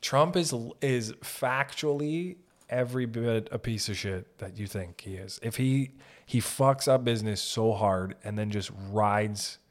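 A man with a non-American English accent hosting a podcast, rambling and swearing in loose, animated casual chat. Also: lowish voice, measured pace. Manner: rambling, profane, animated riffing. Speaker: podcast host.

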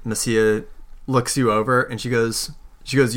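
A man acts as game master for a tabletop role-playing session. He narrates in a relaxed, rambling way, full of fillers, describing what the characters around the table do. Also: mid-range voice, measured pace. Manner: relaxed, filler-heavy narration with quoted voices.

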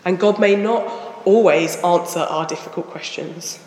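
A woman giving a sermon in a church, speaking in a slow, reflective and earnest way. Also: fairly low pitch, darkish tone. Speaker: preacher. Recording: echoey church hall.

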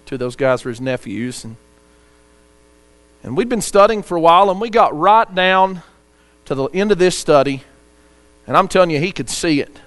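A man preaching a sermon, earnest, reading scripture aloud and telling a story to the congregation. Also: fairly high pitch.

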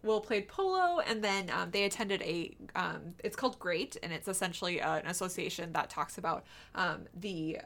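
A woman's voice: on the low side, animated, moderate pace, vocal fry, a bit bright. A woman co-hosting a casual chat, rambling with many fillers and restarts. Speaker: podcast co-host.

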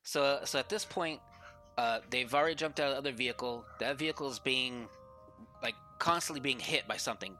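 A man's voice: mid-range voice, brisk, over music. A man telling a spooky story on a podcast over a voice call, rambling and filling his talk with "like". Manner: rambling, heavy use of "like". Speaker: podcast guest. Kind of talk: casual storytelling. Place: remote call over Discord.

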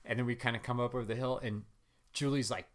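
A man, a guest runner, telling his story in casual interview chat, rambling with many fillers and animated. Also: medium pitch, fast.

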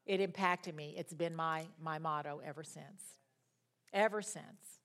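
A woman's voice: deep voice, measured pace. Dramatic middle-aged woman teaching Bible study. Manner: dramatic and expressive storyteller.

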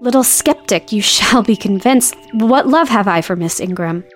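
A woman reading the part of a passionate, brooding gentleman suitor in an audiobook, pleading and at times murmuring low. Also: animated, moderate pace, soft background music, lightly acted.

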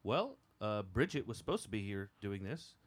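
A man hosting an improv comedy show, playing a patient casting director with dry, deadpan, coaxing delivery. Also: lowish voice, normal speed. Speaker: host.

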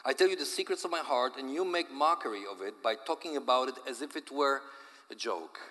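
A man's voice: medium pitch, brisk, bright, forceful tone, big-room sound, natural voice. A man as a bitter betrayed friend, Polish accent. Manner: intense, bitter. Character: wounded man scolding a friend who betrayed him.

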